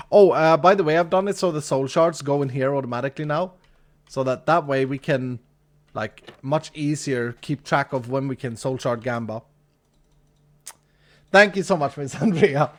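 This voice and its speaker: A man's voice: fairly high pitch, expressive, normal speed. A man streaming a game live, chatting casually with his viewers, reading chat, thanking donors and laughing easily.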